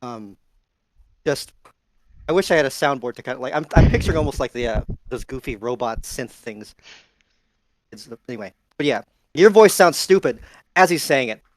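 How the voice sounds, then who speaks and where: A man's voice: normal speed, pauses often. A man playing a tabletop game, joking playfully about his goblin character. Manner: playful, laughs, pitches jokes for his goblin. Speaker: player.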